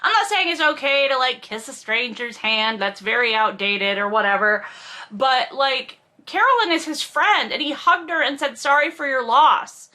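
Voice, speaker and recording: Bright-voiced woman, sarcastic commentary. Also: sits high, moderate pace. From from a Russian family. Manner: sarcastic, wry asides between read passages. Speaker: podcast host reading and critiquing a novel. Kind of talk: casual reading with commentary.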